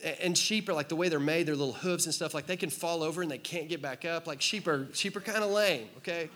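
A man preaching a sermon to a congregation in a relaxed, conversational way, cracking jokes and asking the room to answer back. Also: fairly high pitch, fast. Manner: conversational, joking, asks the crowd to respond. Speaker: pastor. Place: church hall with congregation.

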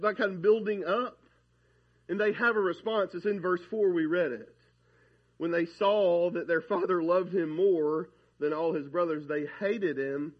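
A husky-voiced man delivers a sermon. His voice sits a little high, and he preaches in a conversational, animated way, with a chatty back-and-forth feel. The recording is slightly dull and lo-fi. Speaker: pastor.

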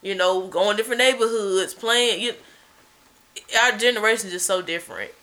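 A woman co-hosting a casual chat, talking in a relaxed and reflective way. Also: medium pitch, moderate pace. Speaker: podcast co-host.

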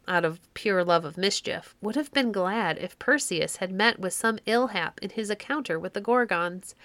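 A woman reads a classic children's tale aloud, measured and expressive. Her voice sits at a middling pitch and is recorded dry and close, with no room around it. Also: dry recording. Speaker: audiobook narrator. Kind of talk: storybook narration.

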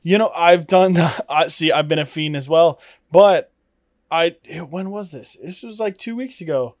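A young man in casual chat, easygoing, laughing often and throwing in quick asides. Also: fairly high pitch, no echo, studio quality.

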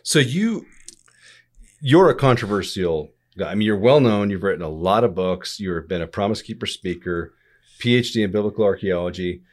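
A man's voice: fairly low pitch, expressive, moderate pace. A man hosting a podcast, asking wry, teasing questions. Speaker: podcast host. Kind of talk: conversational interview.

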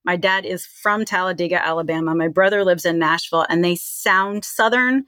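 A woman's voice: lowish voice, moderate pace, bright, forceful tone, no room sound. A middle-aged woman from Virginia with a Midwestern accent, chatting as an interview guest with lots of fillers. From Charlottesville, Virginia. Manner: chatty, many "like" and "you know" fillers. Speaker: guest, tech CEO. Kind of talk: casual interview talk.

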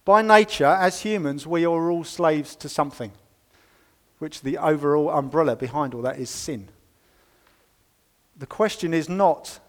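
A man's voice: on the high side, moderate pace. Emphatic male preacher in reverberant hall. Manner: emphatic, swinging between loud stresses and quiet asides; conversational and wry. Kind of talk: sermon. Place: church. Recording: long reverb of a church hall.

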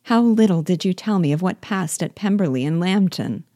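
Brief: gentle, earnest young sister, read by a woman, low and mellow, quick to marvel. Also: lively intonation, no room sound, clean studio sound, lightly acted. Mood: affectionate. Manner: incredulous, tender, earnest.

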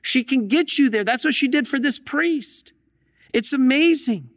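Male priest with a very high-pitched voice, preaching an emphatic sermon, heard in a long echoing hall. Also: unhurried. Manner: emphatic storytelling with rhetorical questions.

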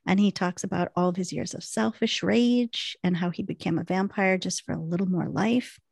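A woman co-hosting a podcast, retelling a TV episode in a quick, animated way. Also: fairly low pitch, vocal fry, no echo. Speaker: podcast co-host recapping a TV episode. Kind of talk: casual recap storytelling.

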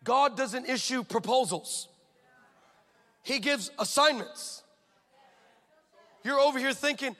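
A male pastor preaching a lively, storytelling sermon that swings between loud declarations and quiet asides, heard in an echoey hall. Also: very high-pitched, measured pace, long pauses.

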